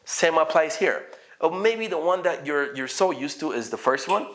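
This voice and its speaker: Animated man teaching English phrases. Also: on the high side, normal speed. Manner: animated, acts out example phrases, often asks "okay?". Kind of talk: explaining phrases to learners.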